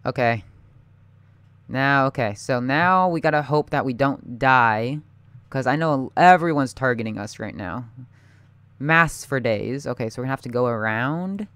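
A young man giving live gameplay commentary, excitable and panicky, talking straight to his viewers. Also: mid-range voice, unhurried, smooth, dry recording. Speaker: gaming YouTuber.

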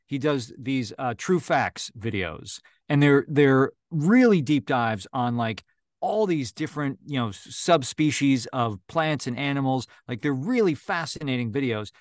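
A man narrating audiobooks talks loosely on a video call, full of ums and false starts. His pitch is medium. The sound is dry, close and without room echo. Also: animated, unhurried. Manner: chatty, many fillers and restarts. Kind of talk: casual interview chat.

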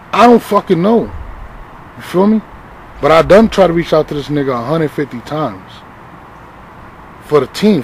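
This low-quality recording, with slight background noise, captures a man of medium pitch recounting a heated tale as an interview guest. His delivery is forceful and full of swearing, peppered with "right?" and "you feel me?"

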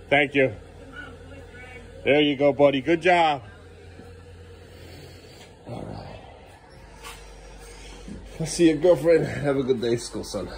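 A man's voice: medium pitch, animated, slow pace, creaky, long pauses, a little hiss or hum. A man in his thirties, a sleepy father filming a casual family vlog at home and outside, teasing and coaxing his kids along. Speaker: father and vlogger. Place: home kitchen, then outdoors by the street.

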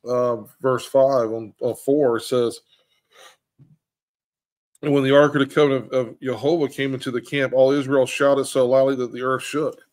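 A man leading a casual group bible discussion, talking in an animated way and acting out the people he quotes. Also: mid-range voice, normal speed. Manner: animated, acts out quoted characters. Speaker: bible study leader.

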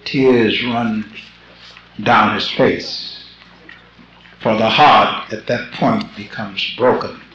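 An older man preaching a sermon as a bishop, slow and rhythmic, repeating phrases and breaking into shouts. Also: fairly low pitch, fairly even intonation, slight background noise. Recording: lo-fi old tape in an echoey church.

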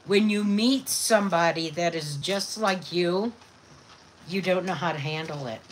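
Woman vlogger, relaxed and slow-spoken, fond baby talk to pets, faint background noise. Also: fairly low pitch. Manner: doting baby talk to her dogs. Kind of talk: casual chat to viewers and pets.

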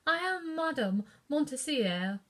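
A woman's voice: high voice, very animated, slow, voice pushed up, full character voice. A woman reading aloud, voicing a lonely, genteel lady from a painting with a put-on French accent and a grand, lilting manner. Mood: gracious.

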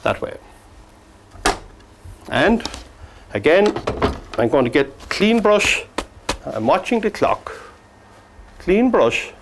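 A man teaching a painting demonstration, gently coaxing the brushstrokes as if talking to the paint. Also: sits high, sing-song, slow, gravelly, pauses often, noisy background. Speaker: painting instructor.

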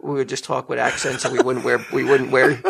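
A middle-aged man co-hosting a podcast, telling stories in a lively casual chat with frequent laughs. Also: mid-range voice, a little fast, creaky. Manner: animated, laughing storyteller. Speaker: podcast co-host.

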